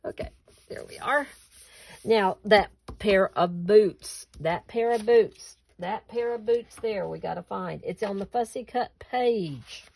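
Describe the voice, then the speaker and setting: A woman's voice: mid-range voice, creaky, a little mellow. A woman hosting a casual craft tutorial at home, chatting with viewers and laughing at herself as she cuts and glues.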